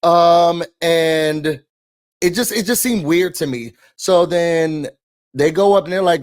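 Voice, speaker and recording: Guy doing a casual reality tv recap, kinda high voice, dry close sound, lots of um and y'all. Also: slow, no room sound. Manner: chatty, opinionated, slangy storytelling with frequent fillers.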